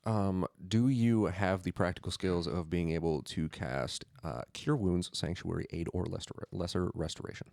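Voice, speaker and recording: Deep-voiced man, mock-formal. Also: normal speed, vocal fry, hardly any pauses, a little mellow, no room sound, clean studio sound. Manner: formal, mock-polite interviewer tone. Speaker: player. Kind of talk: in-character role-play at a tabletop game.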